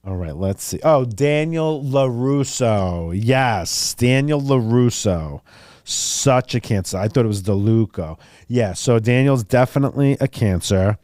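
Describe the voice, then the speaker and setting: A man hosting a podcast in a casual monologue, talking in an animated, rambling and profane way. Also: medium pitch, no echo, studio quality. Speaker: podcast host.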